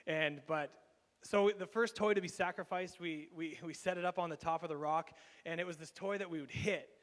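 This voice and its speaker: A pastor telling a lively, laughing story in a sermon, with many restarts and a Canadian accent. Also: male voice, fairly high pitch, brisk. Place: church sanctuary. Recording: long hall reverb.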